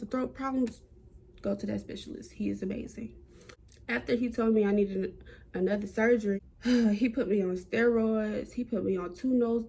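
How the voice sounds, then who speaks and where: A young woman telling a personal story to camera in a chatty, animated way. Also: vocal fry. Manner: animated, chatty, acts out quotes with big jumps in pitch. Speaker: vlogger.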